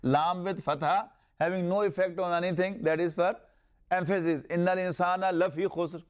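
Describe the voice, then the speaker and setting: A man's voice: high-pitched, fairly even intonation, moderate pace, smooth. A man with a Pakistani accent teaching Arabic grammar in a classroom lecture, explaining step by step, repeating terms and reciting verses.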